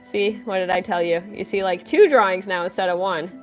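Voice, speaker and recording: A woman's voice: mid-range voice, brisk, soft background music. A woman chatting casually on a livestream, greeting viewers by name while she draws. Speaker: livestreaming artist.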